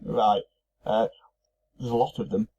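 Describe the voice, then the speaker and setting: A man's voice: on the low side, fairly even intonation, unhurried, mellow, lo-fi sound. A man co-hosting a podcast, thinking aloud casually with fillers and restarts. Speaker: podcast co-host. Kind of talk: casual chat.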